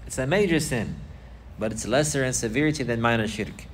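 A man's voice: medium pitch, brisk, slight background noise. Man teaching a religious lesson. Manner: repetitive, explanatory, emphatic. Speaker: Islamic teacher.

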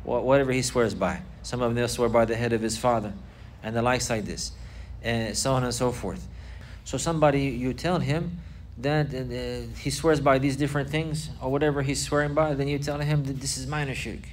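A man giving a religious lesson, explaining points slowly and repeating key phrases for emphasis. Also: mid-range voice, fairly even intonation, slight background noise. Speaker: Islamic teacher.

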